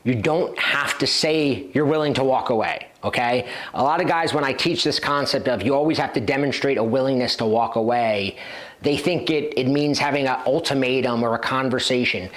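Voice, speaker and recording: A man's voice: medium pitch, normal speed, fairly bright tone. A man teaching as a dating coach, speaking directly and confidently and acting out short example lines. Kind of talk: instructional talk to camera.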